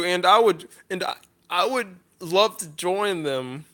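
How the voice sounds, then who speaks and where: A man talking off the cuff in a list vlog, halting and earnest, pausing often and restarting his sentences with frequent apologies. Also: sits high, animated, sharp tone. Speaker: vlogger.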